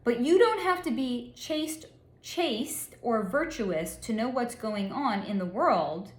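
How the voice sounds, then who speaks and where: A woman's voice: on the high side, animated, slow pace, roomy sound. A woman psychic relaying a channeled reading in a blunt, candid way, swearing freely and spelling out crude words. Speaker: psychic reader.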